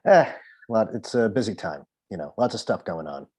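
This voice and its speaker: A man, a comedy-writer guest, talking in a sarcastic, offhand, low-key way in casual chat. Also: animated, moderate pace, a little mellow, husky.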